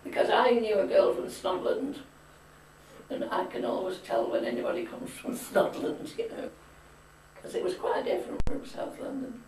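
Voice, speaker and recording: A woman's voice: on the high side, big pitch swings, normal speed, darkish tone, slight background noise. An elderly grandmother telling family stories in a chatty, opinionated way. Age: older. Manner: chatty storyteller, firm opinions. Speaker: grandmother being interviewed. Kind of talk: reminiscing casual chat. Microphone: camcorder mic. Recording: echoey room, far from camcorder mic.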